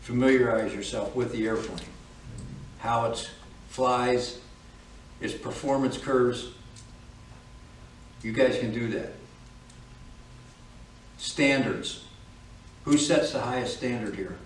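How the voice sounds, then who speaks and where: A man's voice: mid-range voice, takes it slowly, pauses often, slight background noise. A man instructing flight students in a classroom, speaking in a firm, direct, lecturing manner. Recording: echoey room, from far off.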